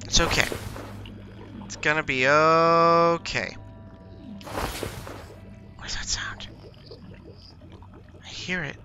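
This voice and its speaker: A man's voice: on the high side, lively intonation, takes it slowly, pauses often, lo-fi sound, over music. A young man hosting a gaming channel, giving jumpy let's-play commentary and talking to himself and to the monsters chasing him.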